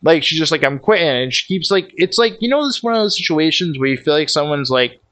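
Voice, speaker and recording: A man's voice: a little high, lively intonation, fast talker, fairly bright tone. A man reacting live on his stream, exasperated and cursing, repeating himself as he rants. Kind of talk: heated casual reaction commentary.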